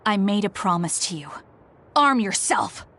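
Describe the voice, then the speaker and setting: A woman's voice: medium pitch, expressive, a little slow, fairly bright tone. An actress playing a driven young woman in a game, speaking tensely and with firm resolve. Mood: resolute. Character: driven young woman set on a grim duty.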